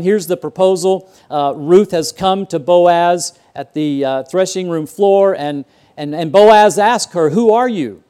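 A man's voice: high voice, warm tone, clear, resonant tone. Earnest man preaching a sermon. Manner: earnest storytelling, repeats words when starting a sentence. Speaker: pastor. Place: church auditorium.

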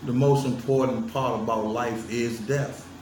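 Slow-talking man in an echoey room. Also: mid-range voice, steady tone, darkish tone, a little hiss or hum. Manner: emphatic, teasing, laughs often, addresses viewers directly. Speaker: vlogger lecturing on religion. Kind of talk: casual monologue to viewers. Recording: roomy sound from a distant mic with faint ambience.

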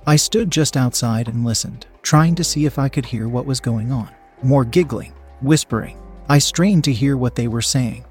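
A man's voice: mid-range voice, moderate pace, hardly any pauses, a little mellow, soft background music. A man narrating a first-person story in a tense, confessional way.

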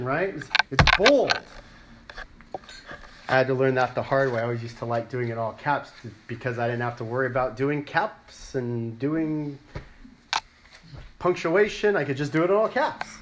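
Guy preaching a sermon, pitch swings all over, emphatic and chatty, faint hiss behind. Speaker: pastor.

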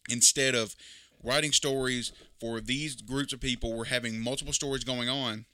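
A man's voice: mid-range voice, steady tone, normal speed, pushed and bright, clear, resonant tone, no room sound, studio quality. A man giving opinionated, emphatic casual commentary, critical and repeating his points. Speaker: wrestling commentator.

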